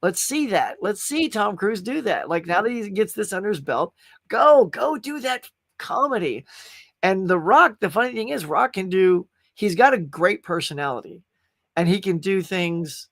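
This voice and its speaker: A man's voice: high-pitched, expressive, normal speed, a bit bright, no room sound, studio quality. A man from the United States hosting a casual live pop culture chat, rambling and answering viewers' comments.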